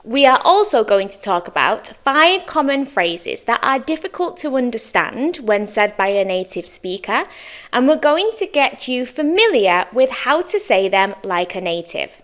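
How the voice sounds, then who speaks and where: A British woman with a high, bright voice leads a pronunciation lesson. She speaks slowly and lets her pitch rise and fall a lot as she models each word. She praises the listener after every try. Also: sing-song. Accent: British English. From Britain. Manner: slow, clear modeling of words with encouraging praise. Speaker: English teacher.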